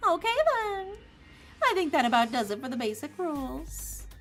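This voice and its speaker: A woman's voice: high-pitched, very animated, normal speed, a bit bright, heavily acted. A woman voicing a mischievous male AI rabbit game master in a put-on Southern drawl, reading a visual novel aloud on stream with a taunting, singsong manner.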